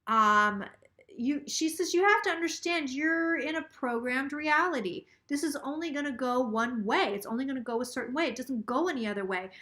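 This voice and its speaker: Bright-voiced tipsy woman psychic. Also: sits high, lively intonation, normal speed. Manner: rambling, swears freely, quotes the spirit aloud. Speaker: psychic channeling a spirit. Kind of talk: casual live tarot stream, relaying messages.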